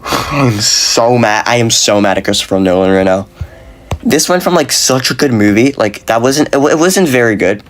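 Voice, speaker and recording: A man giving a casual, frustrated video review, talking fast and excitedly with lots of slang and fillers, his voice jumping up when he is exasperated. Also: medium pitch, faint music behind. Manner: animated, voice jumps up when exasperated. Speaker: movie reviewer.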